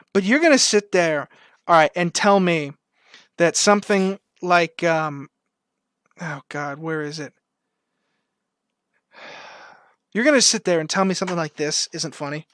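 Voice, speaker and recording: A man co-hosting a podcast in casual chat, rambling and animated and quick to laugh. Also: sits high, clean tone, no room sound, studio quality. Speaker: podcast co-host.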